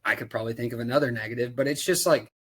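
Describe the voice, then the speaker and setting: A race car driver on a podcast, ranting about racetracks in casual, profane talk full of rhetorical questions. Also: male voice, medium pitch, steady tone, very fast, slightly rough. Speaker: dirt late model race driver.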